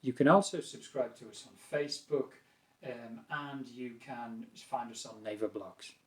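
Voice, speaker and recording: A British man teaching an English lesson, calm and patient, explaining phrases and acting out examples. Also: medium pitch, measured pace. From Britain.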